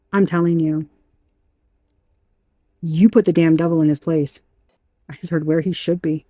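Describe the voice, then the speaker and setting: A woman giving a tarot reading in an emphatic, animated way, talking straight to the viewer and swearing now and then. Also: lowish voice, no room sound. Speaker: tarot reader.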